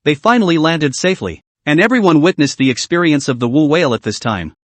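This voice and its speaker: A man's voice: on the high side, lively intonation, quick pace, no room sound. Guy narrating a manhwa recap, dramatic, dry close sound.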